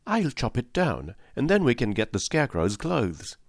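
A man's voice: medium pitch, wildly swooping pitch, normal speed, vocal fry, no room sound, studio quality, voice pushed up, full character voice. A man voicing a kind, tender-hearted tin man from a storybook, speaking earnestly in a raised, light voice. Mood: heartfelt.

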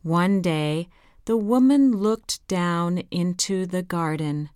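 A woman reading a children's fairy tale aloud in a slow, careful, gentle way. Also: fairly low pitch, clean tone, dry recording, clean studio sound. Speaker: storyteller.

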